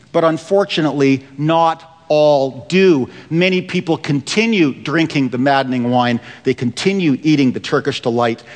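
A man preaching a sermon. He slows down and drops his voice low for emphasis. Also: big-room sound. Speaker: pastor.

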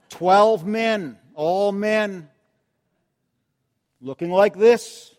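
A man with a notably high voice preaches to his church, telling a story. He pushes some phrases out loudly and drops others to a gentle hush. His words ring out in a long, echoing church reverb. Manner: storytelling, swings between loud emphasis and soft tender asides. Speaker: pastor. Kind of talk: sermon. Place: church sanctuary.

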